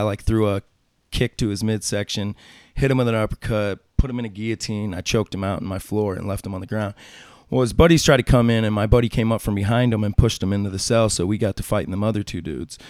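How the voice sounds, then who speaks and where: A man's voice: lowish voice, quick pace, darkish tone, no room sound, studio quality. A man talking as a tattoo artist guest in an interview, telling stories casually, swearing freely and acting out what other people said. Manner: profane, acts out quoted voices.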